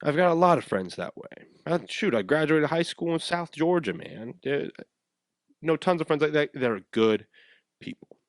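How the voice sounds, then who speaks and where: A man's voice: fairly high pitch, normal speed, dry recording, clean studio sound. A young man hosting a podcast, telling a story in a loose, rambling way and acting out what people said. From West Coast of the USA. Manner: animated, rambling, acts out quotes. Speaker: podcast host. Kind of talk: casual storytelling.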